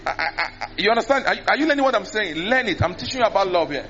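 A preacher, speaking animatedly into a handheld mic, often mimicking prayers and repeating words. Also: male voice, high-pitched, expressive, quick pace, sharp tone. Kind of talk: sermon. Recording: dull lo-fi sermon recording.

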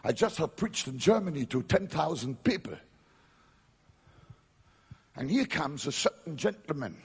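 A man preaching a revival sermon, dramatic and emphatic, building to shouted climaxes. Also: fairly high pitch, big pitch swings, measured pace, creaky, husky.

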